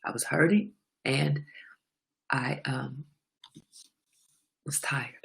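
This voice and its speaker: A middle-aged woman hosting her own show, giving a candid, preachy motivational talk about slowing down. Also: extremely low pitch, steady tone, gravelly. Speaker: host. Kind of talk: casual motivational monologue.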